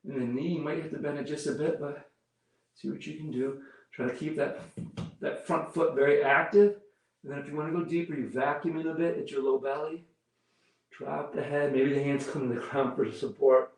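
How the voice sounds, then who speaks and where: A man leading a yoga class, giving calm step-by-step cues while he demonstrates the poses and counts breaths. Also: fairly high pitch, moderate pace. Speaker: yoga instructor. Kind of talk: guided yoga class instruction. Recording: roomy echo, mic far off.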